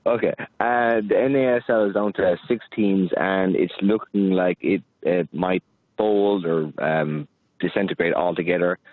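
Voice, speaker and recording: Guy phoning in to a radio show, tinny phone sound, kinda low voice, goes up at the end of sentences. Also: fairly even intonation, a little slow, no echo. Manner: hesitant, rising intonation. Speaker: caller. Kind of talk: phone-in question.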